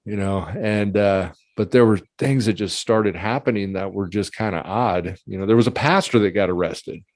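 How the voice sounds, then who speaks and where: A man hosting a conversation, telling his own story in a candid, chatty way, with laughs and throat-clearing. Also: on the low side, normal speed, a little mellow, dry recording. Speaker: podcast host.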